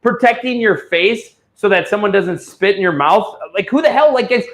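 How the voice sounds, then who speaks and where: A man hosting a live online auction, telling a rambling, profane story before pitching items. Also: moderate pace. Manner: rambling, ranting storyteller who swears freely. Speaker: livestream auction host. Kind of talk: casual livestream chat and product pitch.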